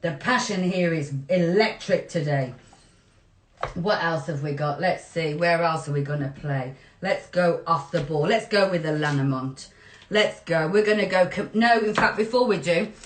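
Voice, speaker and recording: A woman giving an excitable, spiritual tarot reading and talking straight to her viewers. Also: on the low side, normal speed, slight background noise. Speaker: tarot reader. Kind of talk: enthusiastic tarot reading to camera. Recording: roomy echo.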